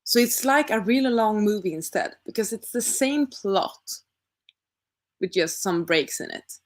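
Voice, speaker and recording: A woman's voice: mid-range voice, lively intonation, measured pace. A young woman casually chatting with her stream audience, thinking aloud and asking rhetorical questions. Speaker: livestream host reading chat. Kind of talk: casual chat.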